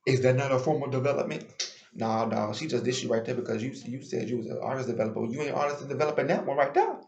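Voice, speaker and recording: A man's voice: medium pitch, fast, a little mellow, echoey room, lo-fi sound. A man giving a chatty, opinionated and sassy recap of a reality show in casual commentary.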